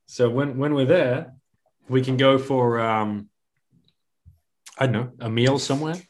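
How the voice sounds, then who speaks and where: A man's voice: mid-range voice, steady tone, measured pace. An English man hosting a podcast, joking and rambling with plenty of restarts. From England. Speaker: podcast host.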